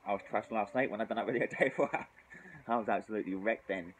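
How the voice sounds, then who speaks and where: A man's voice: lowish voice, fast talker, slight background noise, low-quality recording. A British man rambling and swearing through a casual drinking vlog outdoors in the cold, tipsy and shivering, sighing often. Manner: sweary, rambling, frequent sighs. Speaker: drinking vlogger.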